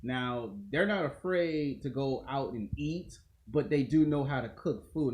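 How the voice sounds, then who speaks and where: A man's voice: medium pitch, a little slow, few pauses, darkish tone, slight background noise. A man hosting his own online show, talking in a crude, slangy, rambling monologue that circles back on itself. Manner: crude, slangy, repetitive rant. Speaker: YouTube show host.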